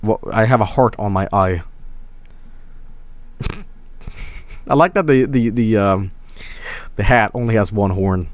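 Man, streamer, rambling, crude and sweary, lowish voice, dry close sound. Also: measured pace, pauses often, no room sound. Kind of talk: casual stream commentary.

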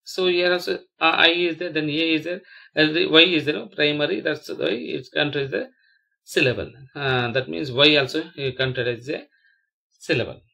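Gravelly, bright-voiced teacher stretching out words. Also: mid-range voice. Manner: repeats each word slowly, stretching the syllables; halting, with frequent fillers and restarts. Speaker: English teacher. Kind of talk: slideshow grammar lesson narration.

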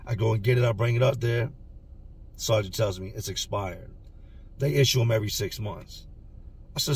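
A man's voice: on the low side, normal speed, long pauses, breathy edge, distant mic. A man casually telling a story about his past in street slang, acting out the dialogue. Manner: street slang, animated retelling with quoted dialogue. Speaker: storyteller recalling prison time.

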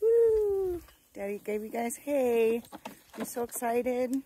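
A woman's voice: on the high side, fairly even intonation, measured pace, mellow, slight background noise. A woman on her farm talking playfully to her goats in affectionate baby talk. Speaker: farm vlogger. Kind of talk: casual chat with farm animals. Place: outdoors on a small farm.

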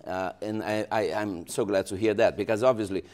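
A male pastor with a Brazilian Portuguese accent, speaking in a local TV interview with many pauses, fillers and restarts. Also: fairly low pitch, fairly even intonation, a little mellow.

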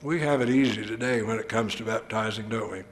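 A man's voice: lowish voice, fairly quick, a little hiss or hum. An older male preacher delivering an earnest, emphatic sermon full of rhetorical questions. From United States.

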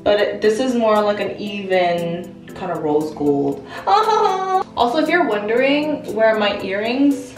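A woman's voice: medium pitch, lively intonation, takes it slowly, few pauses, far from the mic. A young woman chatting casually in a vlog, bubbly and gushing with frequent exclamations. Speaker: vlogger. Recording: roomy, off-mic, music behind.

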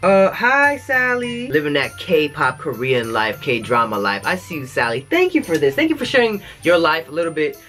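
A man reads fan mail aloud on his channel, his pitch leaping up and down as he reacts. He keeps breaking off to crack jokes between lines, and faint music plays underneath. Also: moderate pace, few pauses. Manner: animated, jokey asides between letters. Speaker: YouTube host.

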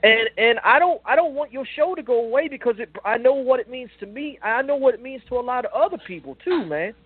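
An emotional man calls in over a tinny phone line, his voice pitched high for a man. He speaks earnestly, stumbling over restarts and repeating "brother." The sound is dry and close, with no room around it. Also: animated, fast talker, husky, dry recording. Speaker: caller to a call-in show. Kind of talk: heartfelt call-in plea.

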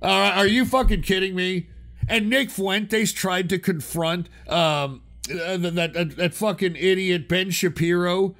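A man's voice: sits high, unhurried, a bit bright. A man hosting a call-in radio show, ranting in a profane, combative way.

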